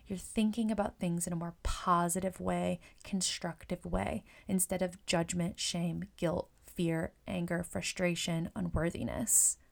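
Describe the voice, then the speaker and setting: A woman's voice: on the low side, level tone, unhurried, vocal fry, hardly any pauses. A woman who works as a hairstylist and Reiki practitioner, casually coaching fellow stylists and acting out client chats. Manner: chatty, often acts out client conversations; repeats words and uses fillers.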